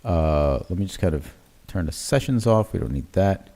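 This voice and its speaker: A man's voice: low voice, normal speed. A man hosting a live trading stream, thinking aloud as he marks up charts, with many fillers and "right?" tags. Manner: relaxed, self-correcting commentary while drawing on charts. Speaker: crypto trading livestream host.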